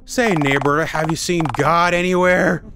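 A man's voice: a little high, steady tone, unhurried, gravelly. A man reading game dialogue aloud as a cheery, neighborly man who calls everyone partner in a homey drawl. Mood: folksy. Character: folksy cheery neighborly man, doomsday-calm. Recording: game music behind.

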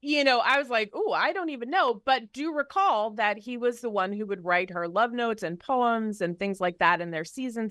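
A woman's voice: mid-range voice, fairly bright tone, no echo. Woman co-host, casual rambling talker, dry sound. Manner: rambling with many "you know" fillers. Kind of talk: casual panel chat.

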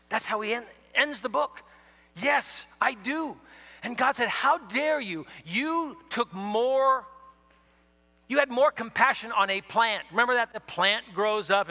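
A man giving a sermon in a university chapel, animated, swinging from quiet to loud. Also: fairly high pitch. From Ohio. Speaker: chapel speaker. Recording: reverberant chapel hall.

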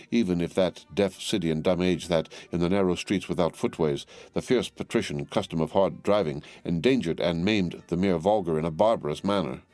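A man narrating a classic novel as an audiobook in a measured, formal storytelling manner. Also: low voice, a little mellow.

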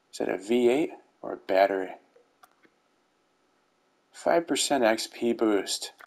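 This is a middle-aged YouTuber's relaxed commentary on game rewards over gameplay, laced with dry dad-joke humor. He has a lowish, darkish voice, and the rough recording carries faint background music.

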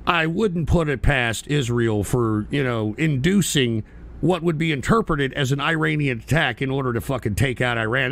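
A man hosting a livestream, ranting and swearing, with sudden yelling outbursts. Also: fairly high pitch, vocal fry. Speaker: livestream host.

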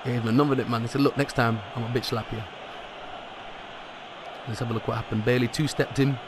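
A man commentating his own football video game match as he plays, excitable and rising sharply in pitch at big moments. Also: a little fast, background noise. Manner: excitable, rises sharply at goals. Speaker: gaming commentator.

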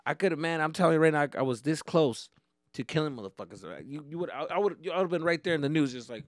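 A young man hosting a podcast, telling profane, animated comedic stories. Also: on the high side, quick pace, no echo, studio quality. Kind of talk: comedic storytelling monologue.

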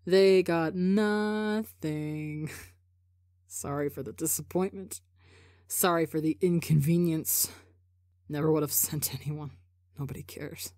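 A man's voice: slow, dry recording, clean studio sound. Woman putting on a hollow, broken young man. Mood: hollow despair. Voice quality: low, hollow and quiet. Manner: self-loathing, flat murmuring. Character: broken, despairing young male captive.

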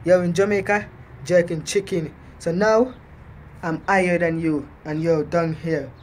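High-voiced man rapping taunts. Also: steady tone, unhurried, a little hiss or hum. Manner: taunting, boastful, repetitive. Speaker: vlogger rapping a diss track. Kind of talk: diss track rap then spoken taunts.

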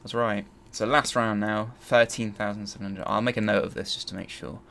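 A man's voice: on the low side, steady tone, a little fast, creaky, bright, forceful tone. A man hosting a let's play, thinking aloud and grumbling as he searches. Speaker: gaming channel host.

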